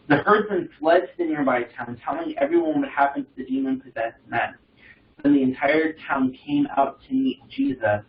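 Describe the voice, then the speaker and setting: A young man leading an informal Bible study, reading passages and commenting in a halting, rambling way with many fillers and restarts. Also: medium pitch, a little hiss or hum. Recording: distant mic in a roomy space, dull sound.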